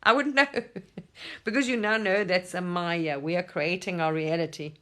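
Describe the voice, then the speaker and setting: Animated spiritual talker, swearing. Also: medium pitch, moderate pace. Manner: animated, swears casually, laughs often, mimics voices in quotes. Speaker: spiritual teacher. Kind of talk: casual spiritual monologue.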